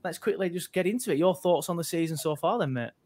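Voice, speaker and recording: A man's voice: a little high, fast, darkish tone. Chatty man hosting a football podcast. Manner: chatty and jokey, rambling with restarts. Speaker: podcast host. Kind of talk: casual football podcast chat.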